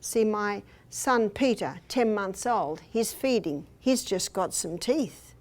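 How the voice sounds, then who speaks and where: A woman's voice: mid-range voice, takes it slowly. An older woman speaking at a health seminar, telling personal stories and acting out what people said. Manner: storytelling, acts out quoted speech. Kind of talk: seminar talk with personal anecdotes. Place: hotel meeting room.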